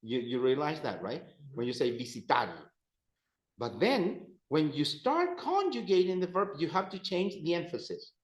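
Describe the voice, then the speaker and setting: Male teacher with a slightly high voice who drills phrases slowly and patiently, recorded in an echoey classroom. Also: big pitch swings. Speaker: Spanish teacher.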